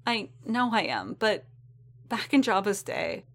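A woman voicing an anxious, tearful young female alien barmaid in a storybook reading, high and pleading. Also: wildly swooping pitch, unhurried.

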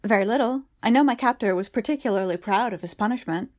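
A woman's voice: mid-range voice, quick pace, voice pushed up, close to an everyday voice. A woman voicing a cool, proud noblewoman in an audiobook reading, speaking dryly and sharply. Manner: dry and sharp.

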